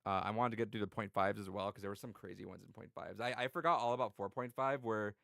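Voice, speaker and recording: Fast-talking, gravelly man chatting. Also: lowish voice, fairly bright tone, no echo, clean studio sound. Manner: rambling, swearing, many restarts. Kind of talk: casual chat.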